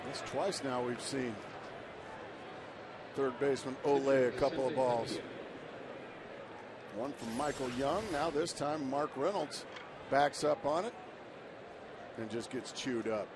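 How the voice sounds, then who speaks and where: A man's voice: mid-range voice, slow pace, long pauses, noisy background. A man giving color commentary on a baseball broadcast in easygoing, conversational banter. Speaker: color analyst.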